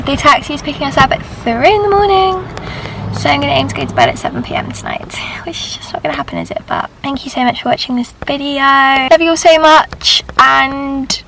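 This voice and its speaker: A woman's voice: sits high, sing-song, brisk, gravelly, pushed and bright, slight background noise, low-quality recording. A young British woman chatting casually to her viewers in a lifestyle vlog. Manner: chatty, talking straight to viewers. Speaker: lifestyle vlogger.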